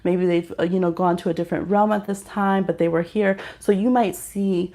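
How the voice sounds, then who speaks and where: A woman's voice: lowish voice, fairly even intonation, moderate pace, mellow. A woman hosting a live-stream tarot reading, chatting casually with many fillers while she reads the chat aloud.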